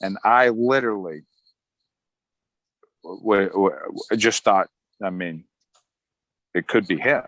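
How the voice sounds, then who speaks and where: A man's voice: sits low, takes it slowly, pauses often, no room sound, poor audio. A middle-aged man, an Army veteran, telling his story casually in an interview, acting out other people's lines with a chuckle. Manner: relaxed, chuckling, acts out quotes of others.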